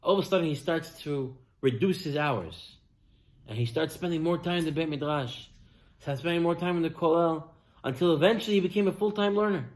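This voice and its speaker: A man, a rabbi, preaching a sermon as an animated storyteller who addresses listeners directly and swings from loud to near-whisper. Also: a little high, a little fast.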